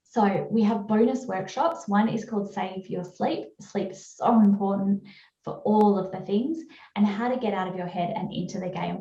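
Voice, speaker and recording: Casting: Australian woman presenter, mellow voice, chatty and upbeat, roomy dull video-call sound. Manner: chatty, upbeat sales pitch with fillers. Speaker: webinar presenter. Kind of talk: webinar presentation.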